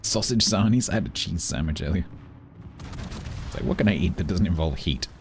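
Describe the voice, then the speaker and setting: A man's voice: sits low, lively intonation, brisk, vocal fry, slight background noise. A British man streaming a game, chatting casually with his viewers in a rambling, dry, self-mocking way. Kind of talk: casual chat while gaming.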